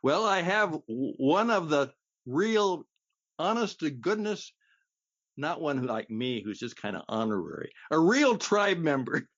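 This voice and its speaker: Slow-talking chuckling radio host man. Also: a little high, very animated, fairly bright tone, dry recording. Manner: chuckling, hesitant with fillers. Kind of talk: casual radio conversation. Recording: slightly muffled radio recording.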